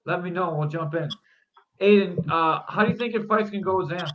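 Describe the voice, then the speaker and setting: Podcast host, male, upbeat and rambling, a touch high-pitched, lo-fi muffled audio with faint hiss. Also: fast. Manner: upbeat, rambling, filler-heavy questions. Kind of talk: casual podcast chat.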